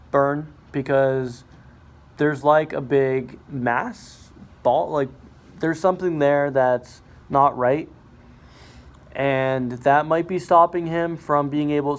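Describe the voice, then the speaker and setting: A young man vlogging at a hospital, sounding sick and rambling with many fillers and restarts. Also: mid-range voice. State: sick, voice affected by illness. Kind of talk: casual vlog to camera. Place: hospital ward and car at night.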